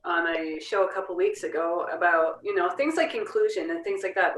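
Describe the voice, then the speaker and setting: A woman co-hosting a podcast, speaking in a relaxed, thoughtful and rambling way in casual chat. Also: on the low side. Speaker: podcast co-host. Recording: roomy echo.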